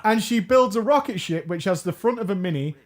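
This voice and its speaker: Excitable high-voiced male gamer. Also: brisk. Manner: excitable, swearing, laughing. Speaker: gaming video host. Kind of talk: casual let's-play chat.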